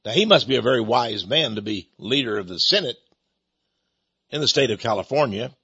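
A man's voice: medium pitch, expressive, a little fast, fairly bright tone, breathy edge, dry recording, dull audio. A man from East Texas, hosting a radio talk show and giving a rambling, sarcastic opinion monologue in a folksy way.

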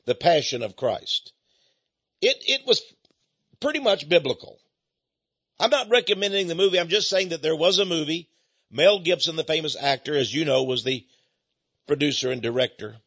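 High-voiced emphatic male preacher. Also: fairly bright tone, dry recording. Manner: emphatic, repetitive, addressing listeners directly. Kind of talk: radio-style sermon monologue. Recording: dull, muffled dry recording.

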